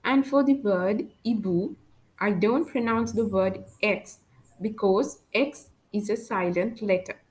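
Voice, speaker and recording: A woman teaching French, pronouncing letters and words slowly and carefully one at a time. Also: mid-range voice, darkish tone, rough recording. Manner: slow, careful letter-by-letter pronunciation. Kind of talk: slow spoken language lesson.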